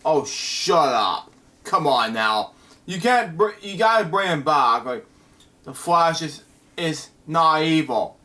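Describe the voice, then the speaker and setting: Slow, bright-voiced man reviewing comics. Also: on the high side, animated. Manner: halting, with many fillers and restarts; exasperated asides. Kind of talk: casual reading and commentary.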